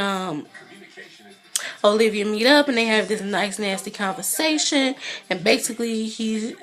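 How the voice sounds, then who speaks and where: A woman's voice: mid-range voice, a bit bright. A congested woman giving a chatty TV episode review, leaning on "you know" fillers. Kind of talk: casual vlog recap.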